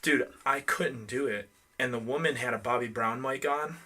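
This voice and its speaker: A man's voice: medium pitch, moderate pace, sharp tone. A man in his thirties from Western New York, co-hosting a casual podcast and telling loose, profane stories. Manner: loose and profane, acts out stories with quoted voices. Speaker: podcast co-host. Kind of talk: casual chat.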